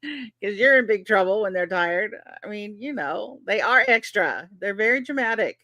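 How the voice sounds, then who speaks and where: A woman's voice: mid-range voice, animated, normal speed, pushed and bright, dry recording, studio quality. A woman in her fifties hosting a casual chat, laughing often and telling stories with animation. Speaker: host. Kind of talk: casual chat reading live comments.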